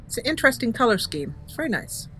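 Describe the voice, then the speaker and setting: A woman's voice: on the high side, sing-song, fast, fairly bright tone, a little hiss or hum. A woman hosting a let's-play, chatting casually as she thinks aloud, with frequent hesitant fillers and small chuckles. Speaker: gaming channel host.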